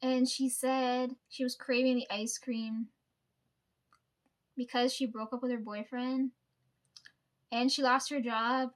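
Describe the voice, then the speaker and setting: A woman's voice: high-pitched, little pitch movement, slow, pauses often. A woman telling workplace stories in a casual storytime chat, laughing often and swearing freely.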